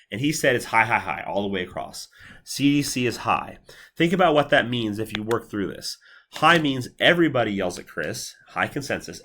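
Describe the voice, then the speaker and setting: Guy teaching a psych class, chatty, keeps saying all right, average pitch voice. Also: fairly bright tone. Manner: conversational, checks in with "all right?", works through examples step by step. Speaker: psychology lecturer. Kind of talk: recorded university lecture.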